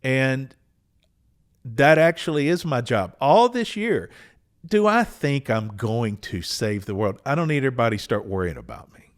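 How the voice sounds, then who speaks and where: Man, 60s, podcast host, unhurried earnest storyteller, mid-pitched voice. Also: sing-song. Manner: earnest, unhurried, with small restarts. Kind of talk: reflective personal storytelling.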